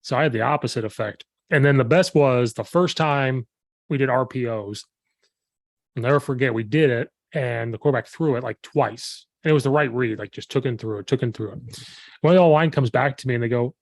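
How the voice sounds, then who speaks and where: A man hosting a podcast as a football coach, telling stories with lively acted-out quotes. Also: mid-range voice, fairly quick, no room sound. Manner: animated storytelling, acting out quoted players and himself. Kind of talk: casual chat.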